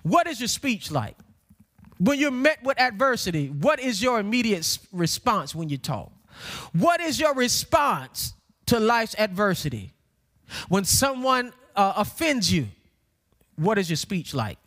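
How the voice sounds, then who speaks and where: Southern male pastor with a high voice and a country twang, preacherly sermon delivery that rises to shouts. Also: big pitch swings, unhurried. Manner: preacherly, building to shouted emphasis, says y'all.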